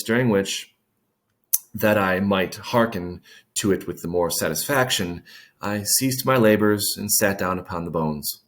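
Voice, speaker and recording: A man reading a classic short story aloud, stopping to explain old words in plain terms and adding dry asides. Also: on the low side. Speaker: reader.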